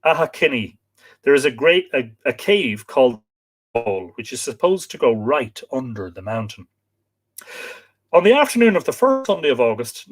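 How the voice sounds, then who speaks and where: An Irish man hosting a live book talk, reading aloud and breaking off for musing asides and self-corrections. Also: medium pitch. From Ireland.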